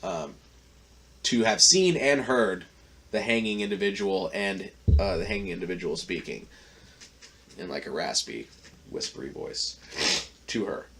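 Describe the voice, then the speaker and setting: A man's voice: deep voice, expressive, a little slow, long pauses, fairly bright tone. A man hosting a podcast, telling a long story in a casual, profane, rambling way with lots of fillers. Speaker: podcast host.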